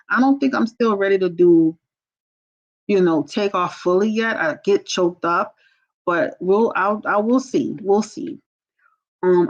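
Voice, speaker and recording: A woman with a lowish voice talks straight to her livestream viewers, blunt and candid, calling them y'all. The audio is dull and lo-fi, as if from a cheap stream mic. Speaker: tarot reader and livestream host. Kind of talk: casual livestream commentary.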